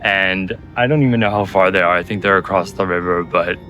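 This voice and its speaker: Bright-voiced man telling travel stories. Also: sits low, fairly quick, a little hiss or hum. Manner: storytelling, animated, laughing. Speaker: travel vlogger. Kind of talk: casual travel vlog chat. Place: outdoors and in a restaurant on a city trip.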